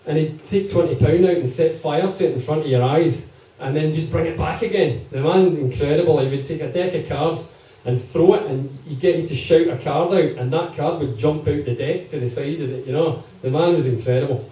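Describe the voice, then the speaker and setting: At a live music gig, a man tells comic stories to the crowd in a slightly high, mellow voice, speaking briskly with few pauses and checking in with them chattily. The room echoes and the mic is distant.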